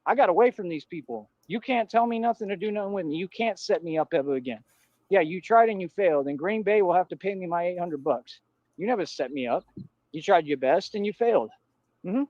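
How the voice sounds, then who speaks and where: A man's voice: high-pitched, expressive, a little fast, darkish tone, no room sound. Defiant man ranting on a lo-fi stream. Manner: defiant, repetitive, street slang. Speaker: livestreamer. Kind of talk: ranting livestream monologue.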